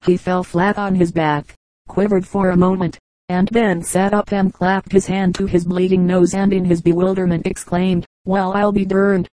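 A woman narrates an old book in a measured, orotund reading style. Her voice is low and quite flat, with a mellow, warm tone, and it sounds close and dry. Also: no room sound, low-quality recording. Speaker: audiobook reader. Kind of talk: audiobook narration.

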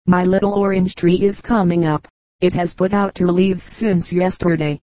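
Woman reading as a gentle little girl. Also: on the low side, fairly even intonation, moderate pace, no room sound, natural voice. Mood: joyful. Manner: pleading, soft-spoken.

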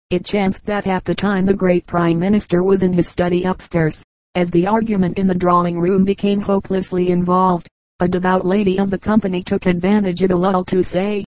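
A woman reading a collection of short jokes aloud as a steady, unhurried audiobook narration. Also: fairly low pitch, dry recording, low-quality recording. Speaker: audiobook reader.

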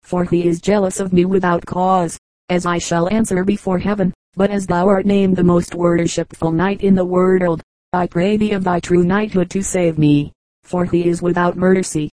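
A woman's voice: fairly low pitch, fairly even intonation, moderate pace, dark tone, no echo, natural voice, low-quality recording. A woman reading the lines of a frightened young lady pleading earnestly in archaic speech.

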